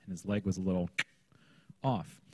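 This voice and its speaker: A man's voice: low-pitched, fairly even intonation, moderate pace, warm tone, slightly rough, no echo. A man, a children's pastor, teaching a workshop session in a conversational way, often checking in with his listeners. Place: conference room.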